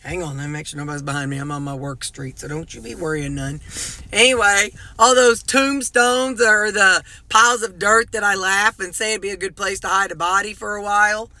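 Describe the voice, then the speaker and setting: A woman's voice: medium pitch, steady tone, fairly quick, sharp tone. A middle-aged woman chatting casually to her viewers in a rambling, folksy way, sprinkling in mild jokes. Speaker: vlogger.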